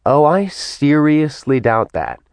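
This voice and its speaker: A man's voice: on the high side, big pitch swings, takes it slowly, a little mellow, no echo, pitched above the performer's own voice, exaggerated voice. A man voicing a bold, mocking young woman in a storybook reading. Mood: teasing. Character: sassy, teasing young woman.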